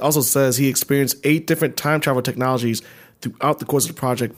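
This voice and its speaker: Casual man in a laid-back chat. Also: medium pitch. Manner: relaxed, profane, laughs along. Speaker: podcast co-host.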